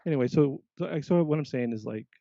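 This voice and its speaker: Gravelly-voiced man telling a story. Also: fairly high pitch, quick pace, dry recording. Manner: animated, quotes himself often. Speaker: podcast guest, biologist. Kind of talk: casual storytelling. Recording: dull lo-fi sound.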